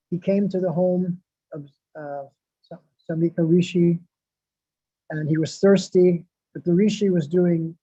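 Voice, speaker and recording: Man, devotional sermon, husky tone, repeats lines for emphasis, recites verses, muffled recording. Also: high-pitched, warm tone, dry recording. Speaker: devotional speaker. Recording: dull lo-fi, dry sound.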